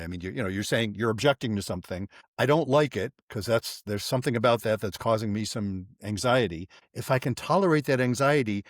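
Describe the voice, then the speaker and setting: An older man, a psychologist, explaining ideas in a measured way as a podcast guest over a remote call. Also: medium pitch, no echo, studio quality. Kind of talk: podcast interview.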